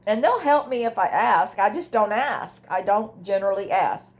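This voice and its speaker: A woman's voice: mid-range voice, animated, moderate pace. A woman, older, talking candidly and emotionally about her grief in a personal vlog from home, rambling with restarts. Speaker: grief vlogger. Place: at home, indoors. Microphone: device camera.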